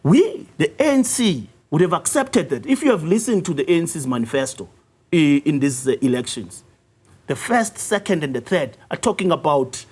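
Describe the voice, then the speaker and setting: A South African man, a youth league official, arguing his case in a news interview, assertive and clearing his throat often. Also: sing-song, fairly quick, darkish tone. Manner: assertive, rises in pitch when pressing a point, frequent throat clearing. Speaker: youth league secretary general, interview guest. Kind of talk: political interview, argumentative.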